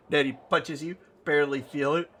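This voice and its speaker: A man reading game dialogue aloud with commentary in a slow, musing, low-key way. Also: fairly even intonation, fairly bright tone, slight background noise.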